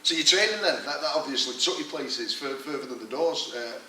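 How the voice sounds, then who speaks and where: A man's voice: mid-range voice, expressive, brisk, pushed and bright. A man interviewing a guest, asking questions hesitantly with frequent ums. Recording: echoey room, distant mic, faint noise.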